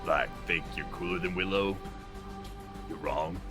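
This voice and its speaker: A man voicing a laid-back male talking cat, halting and stammering as he talks. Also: deep voice, bright, forceful tone, soft background music. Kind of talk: murder mystery role-play.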